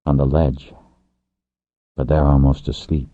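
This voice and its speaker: A man voicing a passionate young wing leader who speaks earnestly and gently, with intense warmth toward his partner. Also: rumbling low, level tone, measured pace, dry recording. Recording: tinny phone-like, dry.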